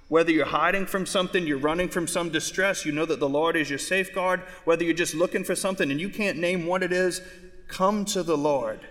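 A man preaching a homily in a big church, his voice on the higher side for a man. He presses the congregation with question after question. A long reverb hangs after each phrase. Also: fairly quick, a bit bright. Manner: preaching with repeated rhetorical questions. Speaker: priest. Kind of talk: sermon. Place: large church. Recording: echoey church hall.

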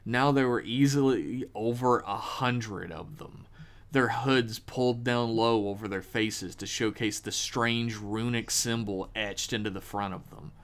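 A man hosting a podcast, reading a horror story aloud with measured, dramatic pauses. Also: mid-range voice.

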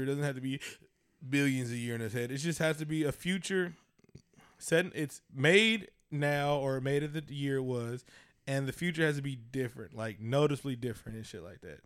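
Profane, riffing man with a crisp voice. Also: a little high, a bit bright, no echo, clean studio sound. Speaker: podcast co-host. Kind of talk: casual chat.

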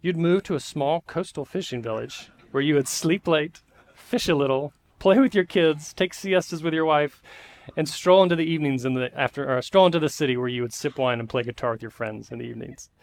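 A man telling a story in a sermon puts on a brash American banker who talks fast and eagerly. He pushes his big plans with easy confidence. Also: a little high, lightly acted.

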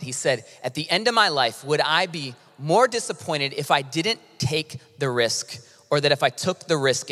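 A male pastor preaching a sermon with impassioned delivery, swinging from quiet to loud emphasis. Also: medium pitch. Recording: long hall reverb.

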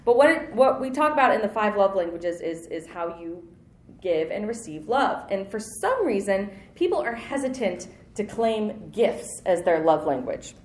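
A woman's voice: mid-range voice, sing-song, normal speed, echoey room. A woman in her thirties preaching a sermon in a conversational, self-deprecating way, with light laughs.

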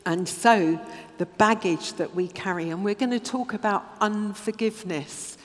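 A woman's voice: mid-range voice, moderate pace. A woman leading a children's talk in a church service, speaking in a friendly, coaxing way to the children. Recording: reverberant church hall.

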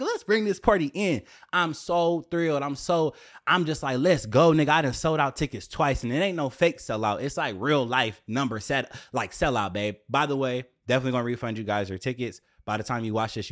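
A young man telling a story to his viewers in a casual, profane, animated way, often jumping up into a high exclaiming voice. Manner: profane, slangy, addresses viewers directly.

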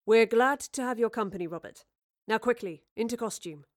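A woman doing a calm troupe leader. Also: a little high, normal speed, natural voice. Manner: calm, reassuring. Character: calm, steady man leading a theatre troupe.

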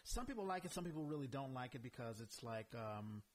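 A man's voice: medium pitch, expressive, fairly quick. A man hosting a casual podcast interview, encouraging his guest with frequent affirmations.

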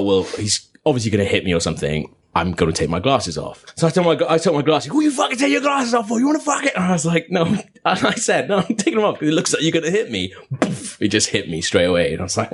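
A man's voice: mid-range voice, very animated, quick pace, hardly any pauses, husky. A man telling a story in casual chat, sheepish and swearing now and then.

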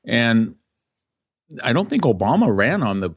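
A man with a fairly low voice talks politics as a studio interview guest. He speaks conversationally, restarting sentences and slipping into quoted asides. The sound is close and dry, with no room echo. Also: animated, moderate pace, slightly rough.

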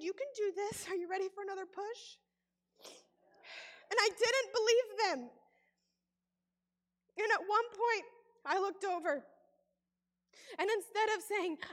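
A woman telling a deeply emotional personal testimony, pausing often, her voice breaking with feeling. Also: a bit bright, in a large hall. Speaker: speaker sharing a personal testimony.

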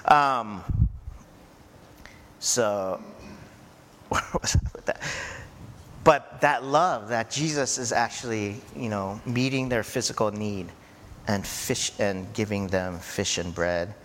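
A man preaching a sermon in a slow, conversational way, often checking in with his listeners. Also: lowish voice, a bit bright. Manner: slow, conversational preaching with frequent "right?" and "you know". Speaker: pastor. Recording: echoey hall with faint ambient noise.

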